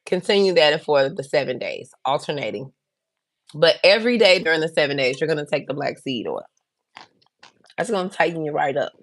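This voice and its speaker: On her livestream, a female host with a low, animated voice speaks briskly in a recording with no room sound. She gives advice and shares personal stories, talking to viewers directly in a frank, blunt, chatty way.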